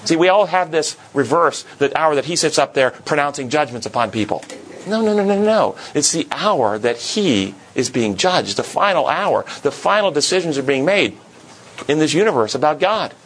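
A man's voice: on the high side, expressive, fairly quick, fairly bright tone, a little hiss or hum, low-quality recording. A man leading a Bible study class, earnest, asking the group questions and repeating words for emphasis.

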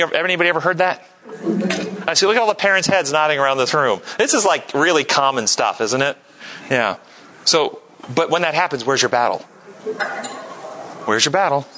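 A man teaching a church group, asking lively questions and sometimes mimicking others in a high voice. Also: a little hiss or hum, poor audio. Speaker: church teacher leading a class discussion. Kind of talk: interactive sermon with audience questions.

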